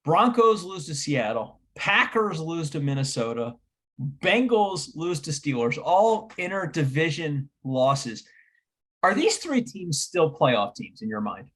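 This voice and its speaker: A man's voice: fairly high pitch, sing-song, measured pace, a bit bright, breathy edge. A man co-hosting a podcast, reading off questions and stats in casual sports talk. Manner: reads off questions and stats, agreeable. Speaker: podcast co-host.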